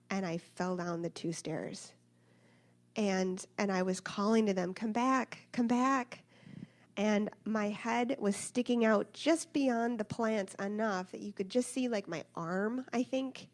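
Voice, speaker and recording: A woman in her thirties telling a personal story in a church talk, acting out the voices of the people in it. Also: mid-range voice. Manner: animated, acts out voices of others in her story. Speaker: speaker sharing a personal story.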